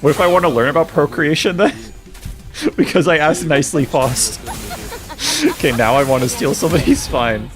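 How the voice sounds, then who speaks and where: A man's voice: on the high side, animated, normal speed, over music. A man streaming a game and chatting casually, laughing often as he answers his viewers' messages. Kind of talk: casual livestream chat.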